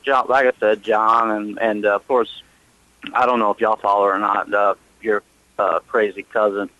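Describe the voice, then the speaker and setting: A man's voice: fairly low pitch, level tone, normal speed, bright, forceful tone, no room sound, muffled recording. A man chatting as an interview guest, rambling and profane, often laughing at his own stories. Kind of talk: casual chat.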